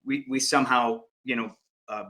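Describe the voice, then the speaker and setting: A man's voice: medium pitch, steady tone, normal speed, bright, forceful tone. Supportive man hosting an interview. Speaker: podcast host, firefighter. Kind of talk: casual interview chat.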